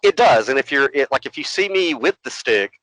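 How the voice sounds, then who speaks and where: Man, casual storyteller, mid-pitched voice, dry close sound, animated. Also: a little fast, no echo, low-quality recording. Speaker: podcast co-host.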